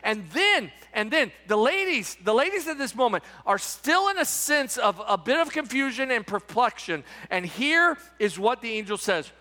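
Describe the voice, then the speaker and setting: A man's voice: very high voice, very animated, moderate pace, few pauses, sharp tone. A male pastor giving an Easter sermon with emphatic preaching, repeating words and tossing rhetorical asides to the congregation. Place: church sanctuary. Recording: reverberant church sanctuary.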